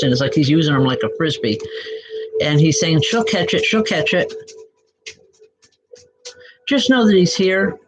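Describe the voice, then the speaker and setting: A woman giving spiritual readings live to online viewers, speaking gently and reassuringly, calling people by name with many soft hesitations. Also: low voice. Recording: dull lo-fi sound with music behind. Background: background music.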